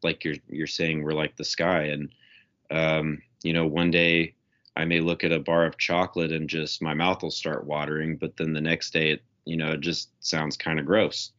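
A man talking as a guest in a casual spiritual conversation, relaxed, with lots of "you know" and "um". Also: rumbling low, normal speed. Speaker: podcast guest. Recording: dull lo-fi sound.

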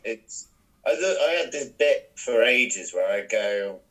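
A young man co-hosting a casual podcast, telling animated, sweary stories. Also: on the low side, a little slow, rough recording. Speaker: podcast co-host. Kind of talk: casual chat, storytelling.

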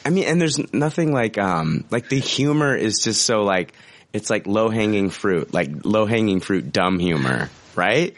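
Animated, profane podcast co-host man. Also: fairly low pitch, a little slow, no room sound. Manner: profane, laughing, rambling. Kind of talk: casual crude podcast banter.

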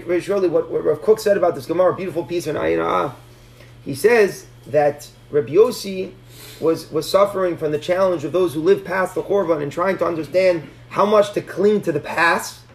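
Male Talmud teacher, high voice with a gravelly edge, earnest explainer. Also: a little fast. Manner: earnest, explanatory, frequent restarts. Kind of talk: Talmud class lecture.

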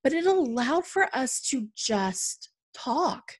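A woman's voice: high voice, big pitch swings, takes it slowly, slightly rough. Chatty woman talking casually about budgeting. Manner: conversational, many fillers, warm storytelling. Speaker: podcast speaker on money. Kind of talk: casual talk.

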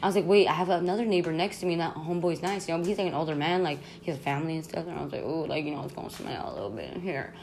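A young woman hosting a podcast, telling a story in a casual, animated, slangy way, full of "like" and swearing. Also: low-pitched, very fast, few pauses, slight background noise. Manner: animated, slangy, constant "like", swearing, laughs often. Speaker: podcast host.

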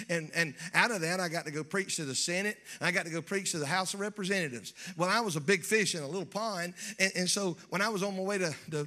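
A man preaching a folksy, joking sermon in church that builds to shouting. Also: sits high. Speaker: pastor.

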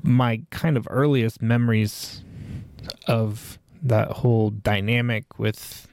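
A man's voice: lowish voice, fairly even intonation, slow, darkish tone, dry recording. A man in his forties hosting a podcast, reflecting on his life in a rambling way with many fillers and restarts. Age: 40s. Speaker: podcast host. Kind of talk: personal reflective monologue.

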